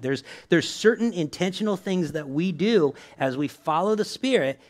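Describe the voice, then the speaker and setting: A man preaching a sermon in a casual, conversational way, often checking in with "right?" and laughing along with his listeners. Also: a little high. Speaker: pastor.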